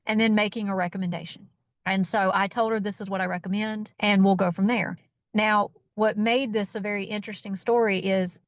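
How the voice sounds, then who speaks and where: A woman chiropractor guest telling a patient story in an interview, acting out the dialogue with lively energy. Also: mid-range voice, dry recording. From Georgia, US. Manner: animated storyteller who acts out quoted dialogue.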